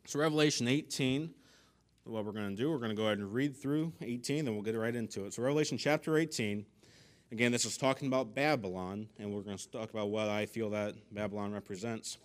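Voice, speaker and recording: A man teaching a Bible study at church in a folksy, conversational way, pausing and restarting often, then leading a prayer and reading scripture. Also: fairly low pitch.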